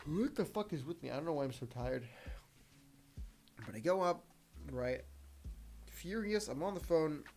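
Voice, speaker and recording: A man's voice: on the high side, sing-song, measured pace, pauses often, a little mellow, slight background noise. A young man hosting a solo podcast, telling a story in a heated, profane rant. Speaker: podcast host.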